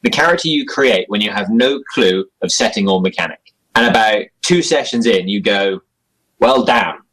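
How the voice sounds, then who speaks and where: A man's voice: fairly low pitch, animated, normal speed, fairly bright tone, rough recording. A young man chatting casually as an interview guest about his role-playing game character, rambling and self-deprecating with frequent chuckles. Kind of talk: casual chat.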